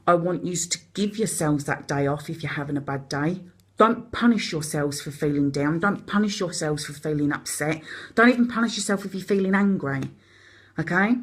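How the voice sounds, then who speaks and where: Cockney woman, live-stream host, rapid chatty talk, encouraging, slightly low voice. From London. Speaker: host of a live support video. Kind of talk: casual live-stream chat.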